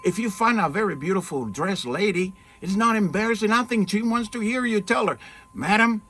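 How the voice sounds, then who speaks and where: A man's voice: sits high, brisk, pushed and bright, slightly rough. A man giving an earnest, informal spiritual talk outdoors in the shade. He often asks rhetorical questions and checks in with "okay?". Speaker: spiritual teacher. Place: outdoors in the shade at his home, with trees and mountains. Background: faint outdoor ambience with birds and wind chimes.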